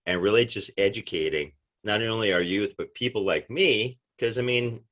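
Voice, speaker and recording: A man with a New York and New Jersey accent, chatting as an interview guest and telling lively anecdotes. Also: lowish voice, normal speed. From Northeastern United States. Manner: animated storyteller, acts out dialogue. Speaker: actor guest. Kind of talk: casual interview chat.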